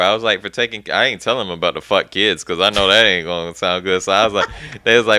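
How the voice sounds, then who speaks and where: Young male podcast host, low and bright, profane animated storyteller. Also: fast, smooth, no echo. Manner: profane, animated storyteller who acts out dialogue. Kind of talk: casual storytelling chat.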